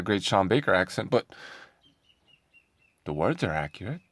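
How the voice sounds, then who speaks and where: A man's voice: sits low, sing-song, moderate pace, fairly bright tone, no room sound. A man talking in a casual commentary vlog, sarcastic and combative, firing off rhetorical questions. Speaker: online commentator.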